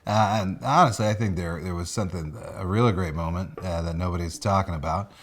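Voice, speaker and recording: A man's voice: low-pitched, fairly quick. A young man doing a casual, rambling comedic monologue, full of filler words.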